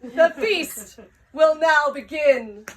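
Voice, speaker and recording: A woman voicing a grand and lonely swamp queen who speaks in a slow, stately way, in a live recording from a distance. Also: sits high, voice pushed up. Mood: regal.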